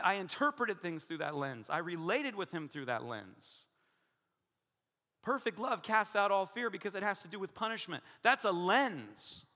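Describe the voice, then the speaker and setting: Animated preacher with a bright voice in a big hall. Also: male voice, high voice. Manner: animated storytelling, acts out quoted voices. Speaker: pastor. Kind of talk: sermon with personal story.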